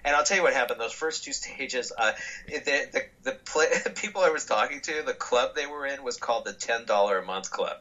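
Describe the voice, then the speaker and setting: A man being interviewed as a guest, telling animated stories with frequent restarts and acted-out dialogue. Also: medium pitch, fairly quick, muffled recording. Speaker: guest speaker. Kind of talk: storytelling interview answers.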